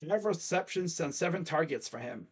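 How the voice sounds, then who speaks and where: High-voiced young man talking football. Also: animated, normal speed, husky. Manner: chatty, mocking asides in put-on voices. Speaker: sports picks host. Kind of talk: casual football recap.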